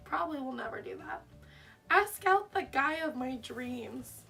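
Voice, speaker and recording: A woman's voice: high-pitched, expressive, measured pace, vocal fry, pushed and bright, far from the mic, faint music behind. A young woman vlogger reading her old diary aloud in a casual, self-mocking, wry way, laughing at herself.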